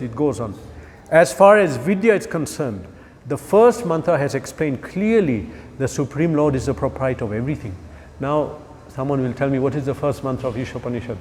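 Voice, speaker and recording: Animated man lecturing in a hall. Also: on the high side, a little hiss or hum. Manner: animated, rhetorical questions, jokes with listeners. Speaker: spiritual teacher. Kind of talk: scripture class lecture.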